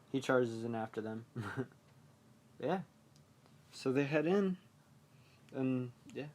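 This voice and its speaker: A man hosting a podcast, recapping a horror movie in a casual, rambling way, full of fillers and chuckles at his own remarks. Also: mid-range voice. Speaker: podcast host.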